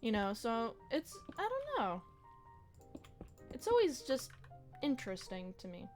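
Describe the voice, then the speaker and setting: Faint music plays as a young woman streams a game and chats casually, wandering and reflective, full of slang and swearing. Her pitch is fairly high and swoops wildly, and her pace is a little slow.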